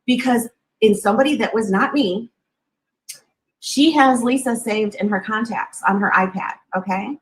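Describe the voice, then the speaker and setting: A woman hosting a casual stream, telling a gossip story in a rapid, insistent way and piling on details. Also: fairly high pitch, a little hiss or hum, rough recording.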